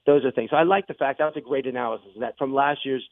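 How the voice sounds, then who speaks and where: A man hosting sports radio talk, excitable and rambling as he makes his points. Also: medium pitch, very fast, no room sound. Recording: tinny phone-like broadcast audio.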